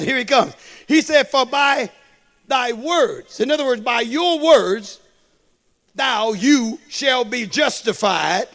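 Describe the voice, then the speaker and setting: A man's voice: very high voice, fairly bright tone. A man preaching a sermon, repeating phrases and calling out to the congregation. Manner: call-and-response preaching, repeats phrases for emphasis.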